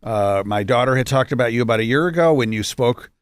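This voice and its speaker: A man's voice: medium pitch, animated, quick pace, clear, resonant tone, no echo. A man in his fifties from Rochester, New York, a guest telling his story in a chatty, joking way with many asides. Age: 50s. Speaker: guest, entrepreneur. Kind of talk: casual storytelling.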